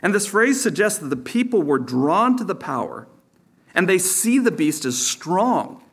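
A man's voice: high-pitched, big pitch swings, unhurried, breathy edge. Man preaching a conversational sermon. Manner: conversational teaching with sarcastic asides and chuckles. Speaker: pastor.

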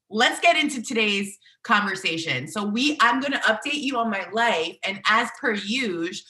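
A woman in her thirties talks through a solo podcast episode in a chatty, bubbly way, scattering "like" through her sentences. Her voice is bright and forward, still a bit rough from the morning, and it rings in a noticeably echoey room. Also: mid-range voice. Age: 30s. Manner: chatty, bubbly, filler-heavy with "like". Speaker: podcast host and inner child healing coach.

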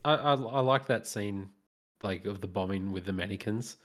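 A man's voice: on the low side, fairly bright tone. A man co-hosting a casual film podcast, telling anecdotes and quoting the people in them. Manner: quick, tells anecdotes with quoted dialogue. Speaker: podcast co-host. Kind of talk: casual film review chat.

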